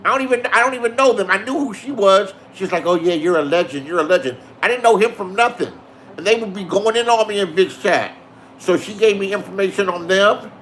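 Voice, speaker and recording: High-voiced man ranting, swearing. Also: a bit bright, slight background noise. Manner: boastful, swearing, insists it is the truth. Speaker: online show host. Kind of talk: profane storytelling rant.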